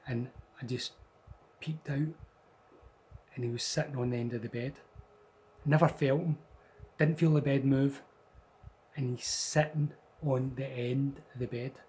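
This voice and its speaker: Brief: Scottish man, mid pitch, chatty and meandering, slight hiss behind. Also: fairly even intonation, normal speed, long pauses, a little mellow, rough recording. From Scotland. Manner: rambling, conversational, with restarts. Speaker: storyteller. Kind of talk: casual spoken ghost story.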